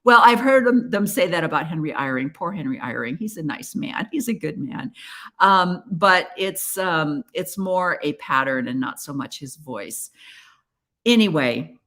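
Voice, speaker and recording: A woman's voice: sits low, animated, a little slow, a bit bright. A woman hosting a podcast, talking in an earnest, chatty and encouraging way. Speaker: podcast host. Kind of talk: casual solo podcast talk.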